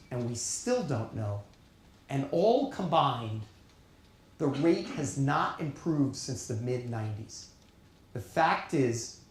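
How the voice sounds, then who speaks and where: A middle-aged man with a New York accent delivers a conference keynote, his voice sitting on the higher side. He speaks earnestly, leaning on words and pausing between phrases. The sound is heavily echoey, with the reverb of a big hall. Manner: earnest, emphatic, with deliberate pauses.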